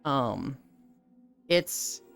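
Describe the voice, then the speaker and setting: Animated, swearing live-streamer. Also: mid-range voice, very slow, vocal fry, faint music behind. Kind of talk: casual live-stream chat.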